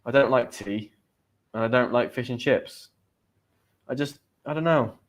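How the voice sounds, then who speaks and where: A man's voice: mid-range voice, a little slow. Man, English accent, live-streamed lesson, chatty, upbeat, repeats key words. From England. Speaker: English teacher. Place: home in Spain.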